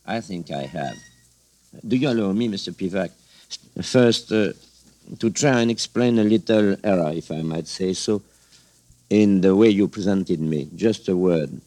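Deep-voiced man with a French accent. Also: warm tone. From France. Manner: measured, hesitant, searching for words. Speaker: political guest. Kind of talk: broadcast interview answers.

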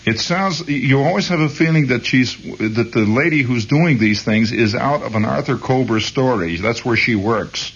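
A man's voice: mid-range voice, normal speed, few pauses, slightly rough, highs cut off. A man rambling hesitantly as host of a late-night radio monologue. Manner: meandering, hesitant, chuckling.

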